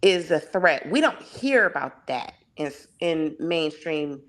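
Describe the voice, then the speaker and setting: A woman's voice: low voice, lively intonation, unhurried. A woman as a guest in a casual discussion, speaking with passion and piling up rhetorical questions. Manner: impassioned, heavy on rhetorical questions.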